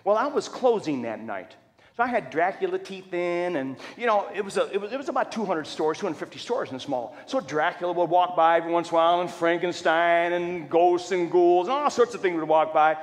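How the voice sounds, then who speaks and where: A middle-aged man preaching a storytelling sermon, animated and humorous as he acts out quotes. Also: high-pitched, a little fast. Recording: reverberant church hall.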